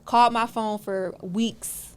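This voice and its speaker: A woman co-hosts a podcast in a casual, animated storytelling style. Her voice sits fairly high, and she acts out the quoted lines with big leaps in pitch, as if replaying the whole scene. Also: takes it slowly. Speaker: podcast co-host. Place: podcast studio.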